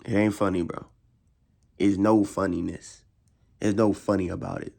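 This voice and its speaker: A young man, a frustrated football fan, ranting in casual slang, repeating himself and swinging his voice high in exasperation. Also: level tone, normal speed, vocal fry, dark tone. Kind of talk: casual rant.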